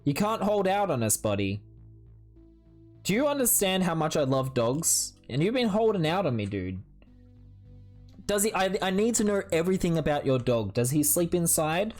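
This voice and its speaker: A woman streaming live and chatting with her viewers while she builds, full of playful mock outrage and excitable asides. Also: fairly low pitch, moderate pace, pauses often, faint music behind.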